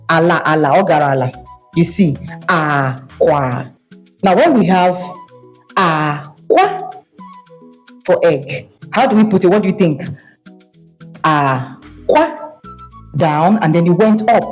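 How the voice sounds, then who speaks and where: Woman, kids' language teacher, encouraging, models tones by sliding pitch; soft music under. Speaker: Igbo language teacher for children. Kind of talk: online language lesson.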